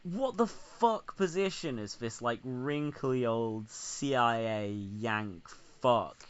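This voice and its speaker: A man's voice: mid-range voice, lively intonation, takes it slowly, clear, resonant tone. A man co-hosting a podcast, sarcastic and sweary in casual comedic chat. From Britain. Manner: sarcastic, sweary, mocking impressions. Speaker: podcast co-host. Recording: slightly dull lo-fi sound.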